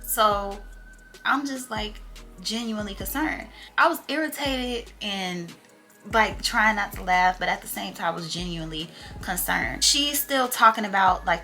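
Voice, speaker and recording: A young woman chatting through a storytime for her vlog, with a bright, crisp tone and a medium pitch. She talks in an animated, slangy way with a wry humor. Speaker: vlogger telling a story. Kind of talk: casual storytime chat.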